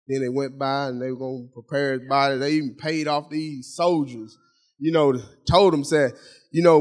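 A man's voice: fairly high pitch, fairly even intonation, normal speed, long pauses. A middle-aged man preaching a sermon in a folksy, conversational way, talking straight to the congregation and repeating phrases for emphasis. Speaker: pastor.

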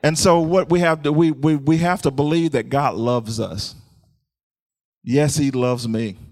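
In a measured pace, a man delivers a sermon built on call and response. He often laughs and exclaims hallelujah, and his voice climbs steadily higher and louder.

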